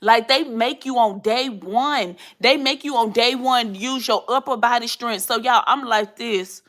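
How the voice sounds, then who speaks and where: A young adult woman vlogging to her viewers, chatty and animated, acting out the people in her story as she tells it. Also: fairly high pitch, unhurried.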